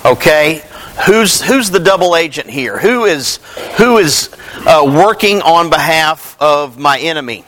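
A man delivers a sermon in a high, bright voice. He reads scripture at an unhurried pace and then explains it in a conversational way. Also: animated. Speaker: preacher.

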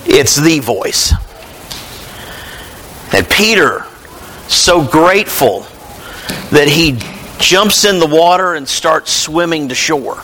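A male pastor preaching a sermon, retelling Bible stories and acting out their dialogue in an animated way. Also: on the high side, takes it slowly, long pauses, slight background noise.

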